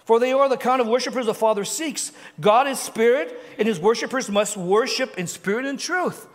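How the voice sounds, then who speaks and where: A preaching man with a notably high voice, delivering a sermon with lively, searching questions to his congregation. His words ring out with a long reverb, as in a large hall or church. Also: moderate pace. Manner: animated preaching, asks the crowd questions, repeats words. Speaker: pastor.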